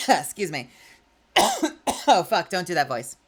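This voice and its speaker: A woman's voice: on the low side, wildly swooping pitch, unhurried, pauses often, fairly bright tone, husky. A woman in her thirties chatting casually on a live stream, giggly and playful with lots of swearing. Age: 30s. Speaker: livestreamer.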